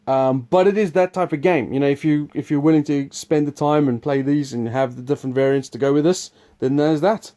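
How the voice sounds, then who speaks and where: A man's voice: a little high, fairly even intonation, brisk, few pauses, mellow. A man hosting a board game preview, explaining the game in a rambling, chuckling, casual way. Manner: rambling, chuckling, restarts sentences.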